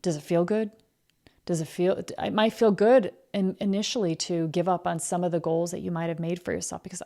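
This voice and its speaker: A woman's voice: fairly low pitch, steady tone, brisk, gravelly, dark tone. A woman hosting a podcast, giving a blunt, emphatic motivational talk about excuses and being busy. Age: adult, married. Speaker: podcast host.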